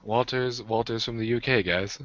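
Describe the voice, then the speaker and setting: A man's voice: mid-range voice, moderate pace, a bit bright, no echo, highs cut off. A man from the United States hosting a livestream, joking and rambling in casual group chat. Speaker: livestream host.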